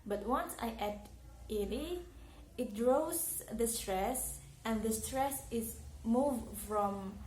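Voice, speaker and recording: A woman's voice: on the high side, takes it slowly, a little mellow. A young Indonesian woman, a university student, gives a careful English pronunciation lesson with an Indonesian accent and repeats example words. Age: young adult. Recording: echoey room with faint noise.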